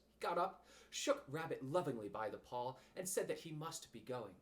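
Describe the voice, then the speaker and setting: A man reading a children's storybook aloud in an animated, expressive way. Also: mid-range voice, moderate pace, few pauses. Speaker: audiobook reader.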